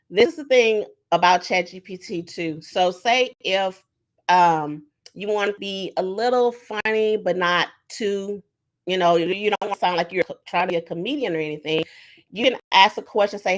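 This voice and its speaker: A woman presenting a casual online workshop, talking conversationally with many fillers and acting out sample prompts. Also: on the low side. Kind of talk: casual webinar teaching.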